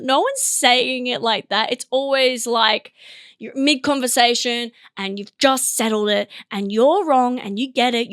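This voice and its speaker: A high-pitched woman rambling through a comedy podcast monologue, full of giggles and self-mockery. Her voice is close and dry, with no room sound at all. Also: lively intonation, unhurried, fairly bright tone, no room sound. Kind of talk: solo comedic review monologue.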